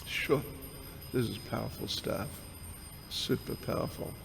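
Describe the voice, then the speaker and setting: A man, a swami, giving a scripture class as a sermon, talking slowly and deliberately and clearing his throat often. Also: lowish voice. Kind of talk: sermon-style scripture lecture. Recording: long hall reverb with faint background noise.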